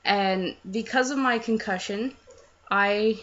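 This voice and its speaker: A young woman tells a story in a chatty, rambling way, mocking herself as she goes. Her voice is bright and forceful, sitting at a middle pitch. The recording is dull and lo-fi. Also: slow pace. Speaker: fan telling a story. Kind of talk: casual storytelling to camera.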